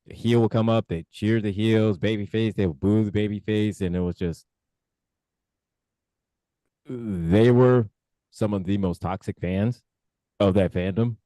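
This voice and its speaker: Low, dark-voiced laid-back man. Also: fairly even intonation, measured pace, long pauses, dry recording. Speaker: podcast co-host. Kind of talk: casual wrestling chat.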